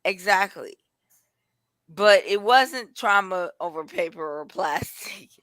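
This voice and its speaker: A woman's voice: medium pitch, expressive, slow pace, a bit bright, no room sound. A woman telling blunt, heated stories in a casual podcast chat.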